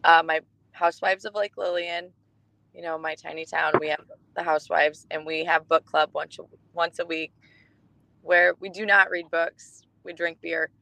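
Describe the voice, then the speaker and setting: A woman co-hosting a podcast, telling stories in casual chat, warm and emotional, with many restarts. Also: fairly low pitch, fairly even intonation, moderate pace, creaky, low-quality recording. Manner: chatty storytelling with restarts, emotional. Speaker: podcast co-host.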